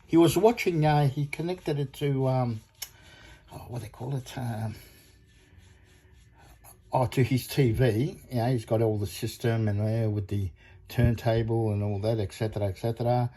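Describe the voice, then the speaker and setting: A man chatting in a casual product vlog about audio amp parts, rambling and excitable, laughing often. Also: mid-range voice, normal speed, husky.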